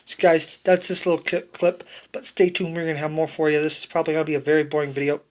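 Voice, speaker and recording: A woman's voice: low voice, level tone, quick pace, darkish tone. A woman chatting casually at home for a family vlog, rambling and joking as she goes. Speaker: family vlogger.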